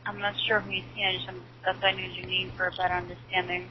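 A woman's voice: fairly low pitch, little pitch movement, fast talker, highs cut off, slight background noise. A woman answering the phone at a dental office, patient and insistent. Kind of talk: phone call.

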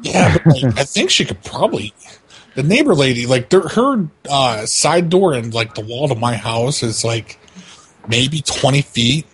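A man with a husky, slightly rough voice tells animated stories, swearing constantly. His pitch sits in an ordinary middle range. He talks like he's hanging out with friends on a show. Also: unhurried. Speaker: co-host of a prank call show. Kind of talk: casual profane storytelling.

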